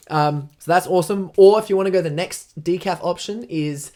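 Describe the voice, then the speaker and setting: Excitable Australian guy podcasting, swearing freely. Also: on the high side, fast, hardly any pauses. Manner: enthusiastic, swears freely, rambling asides. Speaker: podcast host. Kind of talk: casual solo podcast talk.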